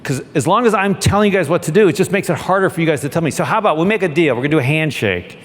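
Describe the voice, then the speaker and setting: Man telling a story on a stage. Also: rapid-fire. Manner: animated, acts out the voices in his story. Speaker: keynote speaker and former submarine captain. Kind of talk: storytelling keynote talk. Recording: long hall reverb with faint rumble.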